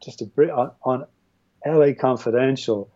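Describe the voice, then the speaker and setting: Irish man with a dark, muffled voice. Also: medium pitch, moderate pace. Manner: rambling, with many restarts and fillers. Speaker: filmmaker, podcast guest. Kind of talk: casual film discussion. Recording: dull, muffled audio.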